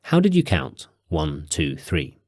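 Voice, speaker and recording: Male course narrator, low voice with lively intonation, dry close-mic sound, measured teaching delivery. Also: no room sound. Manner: clear, measured prompts, slows for key phrases. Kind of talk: guided audio lesson narration.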